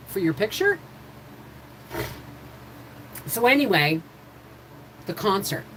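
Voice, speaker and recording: A woman's voice: rumbling low, lively intonation, unhurried, long pauses, a little hiss or hum, poor audio. A middle-aged woman hosting a home livestream, telling stories in a digressive, chatty way that jumps between subjects and circles back. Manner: chatty, frequent restarts, addresses viewers directly. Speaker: homestead livestream host. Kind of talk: rambling casual livestream storytelling.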